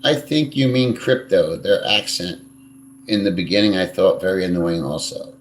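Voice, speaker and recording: A man's voice: sits low, normal speed, slight background noise. Blunt, crude man in an echoey room. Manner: blunt and crude, swears freely, rambling. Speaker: live stream host. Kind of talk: casual live stream chat, reading viewer comments.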